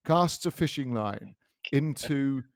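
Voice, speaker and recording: A man's voice: medium pitch, lively intonation, slow, dry recording, studio quality. A British man co-hosting a comedy podcast, teasing his co-host in a wry, mock-pompous way during casual chat. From United Kingdom.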